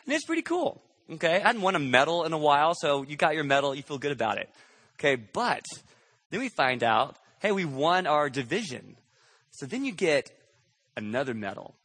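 Male pastor, bright and forceful tone, dry close sound; chatty sermon delivery with rhetorical check-ins. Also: a little high, big pitch swings, moderate pace, slightly rough, dry recording. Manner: conversational, checks in with rhetorical questions.

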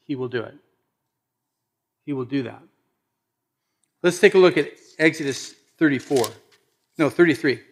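A man preaching a sermon, animated, acting out quoted voices and swinging from loud emphasis to hushed, intimate lines. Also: fairly high pitch. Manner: acts out quoted voices conversationally. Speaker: pastor.

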